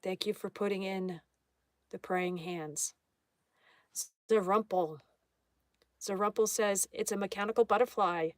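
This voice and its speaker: A woman's voice: medium pitch, fairly even intonation, unhurried, pauses often, no echo, studio quality. A woman hosting a live art stream in a casual way, reading viewer comments aloud and greeting each viewer. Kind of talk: casual live-stream chat while drawing.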